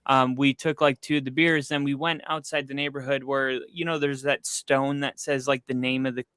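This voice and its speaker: A man's voice: mid-range voice, level tone, moderate pace, fairly bright tone, smooth, no echo. A young man hosting a casual sports podcast, telling a story with loose fillers and frequent swearing. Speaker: podcast host. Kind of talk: casual chat.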